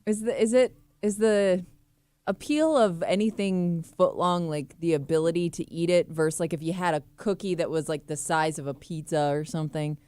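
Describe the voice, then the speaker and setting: A woman's voice: fairly low pitch, normal speed, darkish tone, smooth, no room sound. A woman co-hosting a morning radio show, musing in an easygoing way. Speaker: radio co-host. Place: radio studio. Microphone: studio mic.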